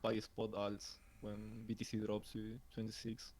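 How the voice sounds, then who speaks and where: A man's voice: fairly low pitch, monotone, unhurried, a little mellow. A man on a trading panel giving hedged, analytical opinions in casual talk, with frequent restarts. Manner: hedging, analytical, stumbles on restarts. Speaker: trader on a discussion panel. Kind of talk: casual group discussion.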